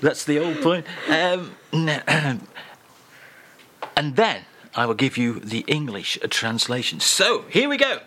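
A man's voice: medium pitch, takes it slowly, a little hiss or hum. A man presenting a radio show, playful and jokey, bantering from a studio. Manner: playful, jokey, animated delivery. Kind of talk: comic radio chat.

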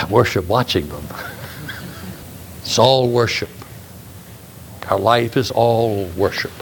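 An older man preaching a sermon in a church, emphatic, swinging between raised exclamations and quiet asides. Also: on the low side, a little hiss or hum.

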